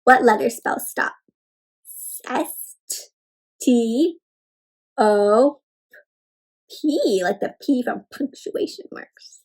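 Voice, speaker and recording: Woman, high voice, children's read-aloud, animated, teacherly, prompts kids to join in. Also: extremely slow, pauses often, slightly rough.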